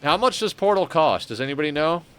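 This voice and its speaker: A man's voice: a little high, animated, fast, a bit bright, slight background noise. A man casually commenting on his game as he plays, chatting with viewers and thinking aloud. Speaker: streamer.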